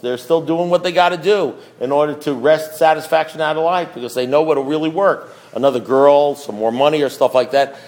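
A man sharing his story at a recovery meeting in a sarcastic, mock-outraged way, with animated storytelling. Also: on the high side. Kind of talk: storytelling talk to a group.

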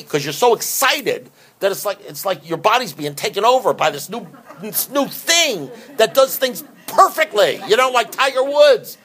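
A man's voice: high-pitched, big pitch swings, moderate pace, fairly bright tone, slightly rough. A man giving an emphatic, conversational recovery talk who often repeats himself. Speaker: recovery speaker.

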